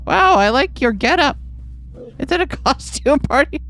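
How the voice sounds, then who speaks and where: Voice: sits high, lively intonation, moderate pace, a bit bright, rough recording. A game player commenting and reading game text aloud in a playful, joking way. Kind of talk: let's play commentary and reading.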